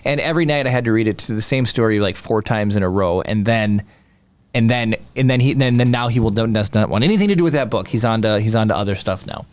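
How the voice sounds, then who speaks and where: A man's voice: lowish voice, quick pace. A man in his thirties, co-hosting a podcast, telling a rambling home story in casual chat with many restarts. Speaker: podcast co-host.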